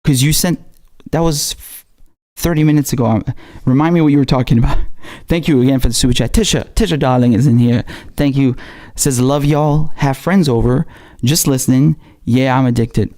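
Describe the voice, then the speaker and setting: A raspy-voiced man with a dark, mellow tone hosts a casual live stream. He talks in a loose, slangy way, stopping and restarting as he reads viewer messages aloud. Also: medium pitch, normal speed. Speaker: livestream host.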